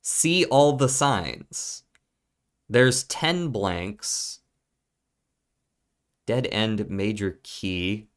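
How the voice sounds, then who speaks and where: A man's voice: lowish voice, extremely slow, pauses often. A man streaming a puzzle game, thinking aloud in a casual, profane mutter as he works through clues.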